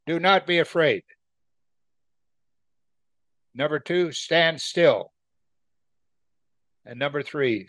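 Guy teaching bible study, reads a verse then chats about it, kinda high voice, dead dry sound. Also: fairly bright tone, no echo. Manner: reads scripture then explains it in plain talk, asks listeners questions.

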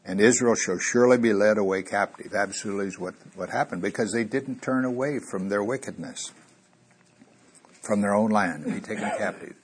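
A man preaching a sermon, telling a Bible story and getting louder when he quotes scripture. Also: fairly low pitch, a little fast, a little hiss or hum. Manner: animated, rising loud on quoted scripture.

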